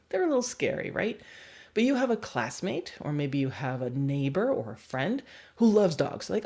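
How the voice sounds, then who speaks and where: A young adult woman and dog trainer giving a livestream lesson, animated and acting out examples. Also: medium pitch, normal speed. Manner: animated, acts out examples with voices.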